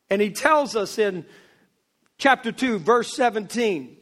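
A male pastor preaching a sermon, swinging between loud emphasis and hushed asides. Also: high voice, lively intonation. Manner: slow, drawn-out delivery.

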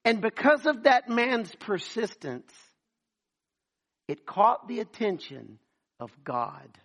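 A man's voice: high voice, very animated, slow, fairly bright tone. A man preaching a sermon, telling stories dramatically and acting out the voices.

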